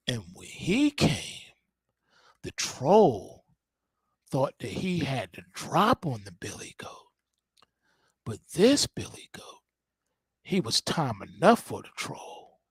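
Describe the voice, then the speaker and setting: A man voicing a gentle mother telling a bedtime story in a low, hushed, slang-laced way. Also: very animated, takes it slowly, pauses often, breathy edge, no room sound, exaggerated voice. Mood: soothing.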